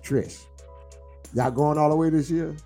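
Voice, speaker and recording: A man's voice: on the high side, fairly even intonation, a little slow, mellow, soft background music. A middle-aged man, teasing his viewers in boisterous, laughing trash talk on a live stream. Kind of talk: casual live-stream banter.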